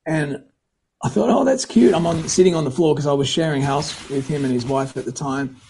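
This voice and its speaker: A man's voice: fairly high pitch, fairly even intonation, fairly quick, a little mellow, a little hiss or hum, rough recording. A middle-aged man and singer-songwriter telling rambling anecdotes in a casual interview, often correcting himself and acting out quoted dialogue. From United States.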